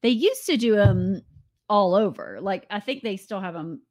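A woman's voice: mid-range voice, expressive, a little mellow. A woman, co-hosting a podcast in casual, teasing chat. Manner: teasing, chatty, quick to laugh. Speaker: podcast co-host.

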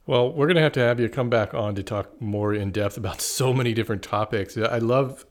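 A man from Canada with a Canadian accent, hosting an interview show in a relaxed, easygoing way. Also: mid-range voice, brisk. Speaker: podcast host. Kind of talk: casual interview chat.

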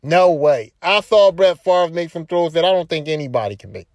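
A man hosting a podcast, giving an animated, repetitive and profane casual sports opinion monologue. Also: on the high side, moderate pace, no room sound. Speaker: podcast host.

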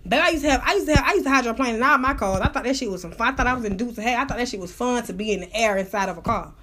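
A woman hosting her own radio show, telling wild stories in a loud, profane, animated way. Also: on the high side, very fast, background noise. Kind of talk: casual storytelling monologue.

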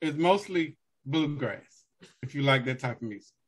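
A husky-voiced man talking casually on a podcast, his pitch swinging up and down as he reacts. He laughs easily and drops loose slang while giving his opinions. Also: expressive, moderate pace. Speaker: podcast co-host. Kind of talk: casual music review chat.

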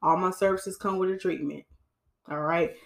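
A woman hairstylist gives casual hair-care advice to her listeners. She is animated and preachy, repeats her points and calls her audience sis. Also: on the low side, moderate pace, vocal fry. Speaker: hairstylist and podcast host.

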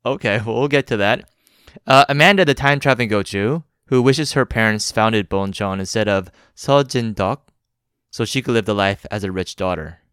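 A young man from the United States hosting a casual podcast, playful and quick to laugh. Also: fairly low pitch, smooth, no echo, studio quality. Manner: playful, laughs often, animated delivery. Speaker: podcast host.

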